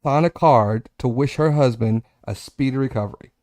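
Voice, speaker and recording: A man in his forties hosting a casual chat show, telling a long personal story with self-corrections and animated asides. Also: mid-range voice, moderate pace, no room sound, studio quality. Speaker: podcast host.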